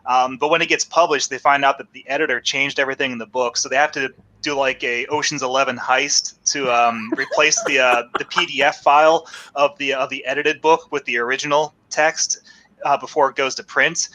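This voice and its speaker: A man's voice: medium pitch, fairly even intonation, fairly quick, bright, forceful tone, poor audio. A man hosting a podcast in casual chat, rambling, laughing often and swearing freely. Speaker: podcast host.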